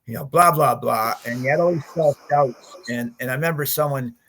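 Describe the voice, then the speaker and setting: A man in his fifties, a podcast guest, telling his story in a lively way, acting out what he and others said, with frequent laughs. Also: mid-range voice, a little fast, slight background noise. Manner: animated storyteller, acts out his own quotes, laughs often. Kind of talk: storytelling interview.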